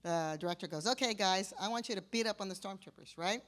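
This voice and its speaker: A woman's voice: mid-range voice, quick pace, a bit bright. An older woman on a convention panel, chatting and telling stories from her film work, acting out quoted voices as she goes. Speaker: panel guest, former creature performer.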